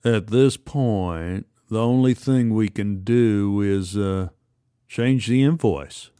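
A man voicing Marvin, an unflappable store boss who speaks slowly and hesitantly with fillers, in a spoken story. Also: lowish voice, warm tone, smooth, no echo, clean studio sound. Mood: calm.

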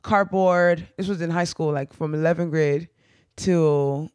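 A woman guest on a podcast, giving giggly, halting answers in casual chat. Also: sits low, steady tone, a little mellow, clean tone, no echo, studio quality.

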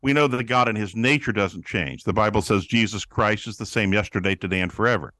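A man's voice: fairly low pitch, brisk, bright, forceful tone, dry recording. A man teaching like a preacher in an interview, his voice rising and falling as he acts out the people he quotes. The sound is dry and close, with no room around it. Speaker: guest, pastor-author on prayer.

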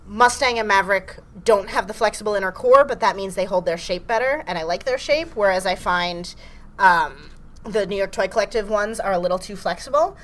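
A woman's voice: medium pitch, a little fast, a bit bright. A young woman co-hosting a podcast recorded live, talking frankly and chattily and laughing easily. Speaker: podcast co-host. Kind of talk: casual live podcast chat. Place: live event room.

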